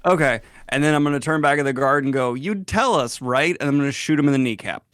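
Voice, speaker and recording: A man declaring his moves as a player in a tabletop game, steady and deadpan in a mid-pitched voice. He is recorded close and dry. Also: racing, smooth, dry recording.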